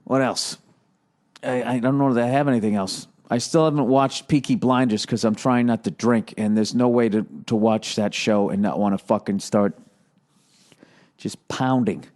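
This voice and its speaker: A grumpy Boston man in his forties rants through a podcast monologue, swearing freely and sounding mentally exhausted. His pitch sits in an ordinary middle range, and his sarcasm runs through a loose, rambling delivery. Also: fairly even intonation, moderate pace, darkish tone. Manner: grumpy, profane, ranting with sarcastic asides. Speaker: podcast host.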